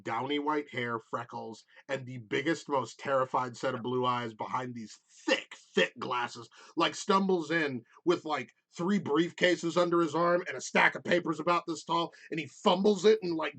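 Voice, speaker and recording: A man's voice: on the high side, fairly bright tone. A man as game master, narrating a tabletop game in a rambling way with many fillers. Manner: rambling, lots of "like" and "um".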